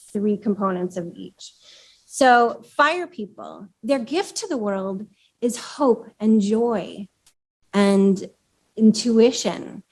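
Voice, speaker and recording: A woman giving a live presentation at a chapter meeting, talking conversationally with fillers and putting questions to the audience. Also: medium pitch.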